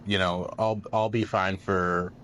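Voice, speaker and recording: Low-voiced man, rambling chat. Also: level tone, measured pace, fairly bright tone, slight background noise. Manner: rambling, repeats words when starting sentences. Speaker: radio host and comedian. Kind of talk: casual podcast chat.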